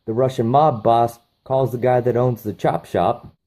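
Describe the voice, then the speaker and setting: A man's voice: mid-range voice, measured pace, dark tone. A man reviewing a movie, recapping the plot casually with profane enthusiasm.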